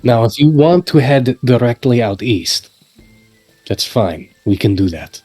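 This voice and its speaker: A man voicing a stern, suspicious male adventurer in a tabletop role-playing game, speaking in a measured, insistent way. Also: mid-range voice, expressive, dark tone, breathy edge, faint music behind. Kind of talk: in-character tabletop role-play.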